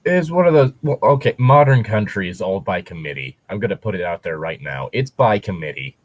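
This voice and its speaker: A man's voice: low-pitched, animated, brisk, no room sound. A man running a tabletop role-playing game as game master, chatting casually and giving dry opinions.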